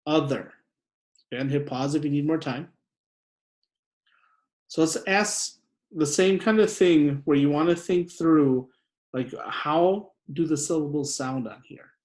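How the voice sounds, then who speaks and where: Male teacher, slightly high voice, echoey room, deliberate spelling dictation. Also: a little mellow. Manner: slow, deliberate, repeats each word. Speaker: second grade teacher. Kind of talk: spelling lesson for children.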